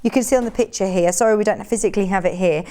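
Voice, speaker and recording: A woman's voice: medium pitch, rapid-fire, mellow. A woman presenting products on a live shopping channel, chatty and upbeat, full of tag questions. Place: TV studio.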